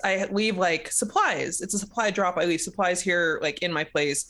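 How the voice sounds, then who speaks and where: A woman's voice: fairly low pitch, normal speed, a bit bright. A woman in casual chat, animatedly retelling a book's plot, acting out the characters' lines and laughing often. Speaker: podcast co-host recapping a book.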